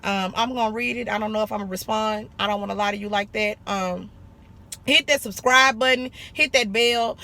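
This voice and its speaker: A woman's voice: mid-range voice, steady tone, fairly quick, sharp tone. A young woman from Arkansas, giving blunt, sassy business advice in a casual vlog and calling viewers honey and baby. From Arkansas, USA. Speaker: esthetician vlogger.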